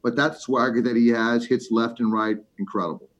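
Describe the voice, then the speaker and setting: A middle-aged man, a former ballplayer, chatting about baseball and telling an animated story with lots of fillers. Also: mid-range voice, fairly quick. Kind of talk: casual sports chat. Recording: slightly muffled lo-fi audio.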